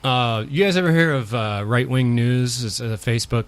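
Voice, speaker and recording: A man co-hosting a podcast, chatting in a relaxed way and telling his own stories. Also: medium pitch, normal speed, clean tone. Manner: relaxed, laughs often, asks short questions. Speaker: podcast co-host. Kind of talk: casual chat.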